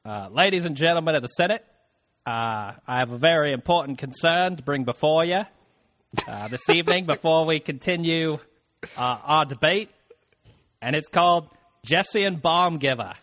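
A man's voice: a little high, expressive, normal speed, fairly bright tone, big-room sound, voice pushed up. A man playing a pompous senator with a shaky Boston accent. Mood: mock-solemn. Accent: attempted Boston accent. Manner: mock-formal oratory, drifting and hesitant. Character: pompous male senator speaking on the floor.

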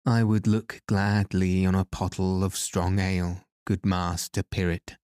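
A gruff ship's skipper, curt and short-tempered, voiced by a male storyteller. The voice is very low and slow, with a dry, close sound. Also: flat delivery, a little mellow, no room sound.

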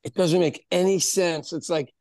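A man of about sixty co-hosting a podcast, telling stories in an animated, casual way and laughing often. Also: high-pitched, normal speed, gravelly, dry recording, studio quality. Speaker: podcast co-host, pub owner. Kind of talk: casual chat.

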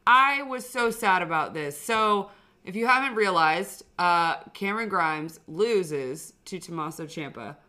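Brief: young woman podcast co-host, lower-pitched and bright, forceful, emphatic and fed up. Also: expressive, measured pace. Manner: emphatic, exasperated ranting. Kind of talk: casual wrestling recap chat.

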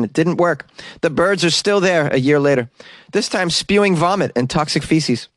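A man's voice: a little high, dry recording, studio quality. A man hosting a comedic news segment, reading stories and riffing sarcastically with asides.

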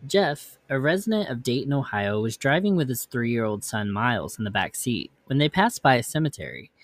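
A man's voice: medium pitch, very animated, normal speed. A man hosting a podcast, reading ghost stories aloud and breaking off into offhand comments. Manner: reads text, then breaks off into offhand comments. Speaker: podcast host.

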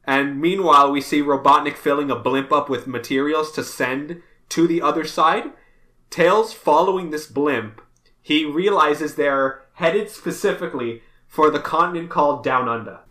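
A man's voice: a little high, a little slow, sharp tone, echoey room. A man co-hosting a podcast, recapping comics in a loose, joking, profane way. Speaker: podcast co-host. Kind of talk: casual comic book recap chat.

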